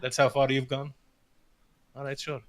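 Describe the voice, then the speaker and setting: A man's voice: medium pitch, monotone, moderate pace, lightly acted. A man voicing a brash, touchy townsman in a tabletop game, speaking in a blustering, sarcastic way.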